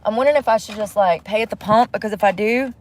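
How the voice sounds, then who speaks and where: A woman's voice: mid-range voice, fast, slight background noise. A woman chatting casually and candidly to her viewers from inside a truck, rambling and cursing freely. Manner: candid, rambling, salty language. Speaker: vlogger. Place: inside a truck at a gas station.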